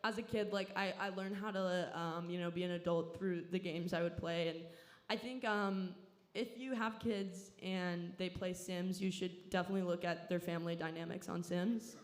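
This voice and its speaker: A young woman with a Southern Californian accent doing a stand-up set in a comedy club, in a slow, laid-back, deadpan drawl. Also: lowish voice. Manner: drawling, laid-back delivery that sounds stoned.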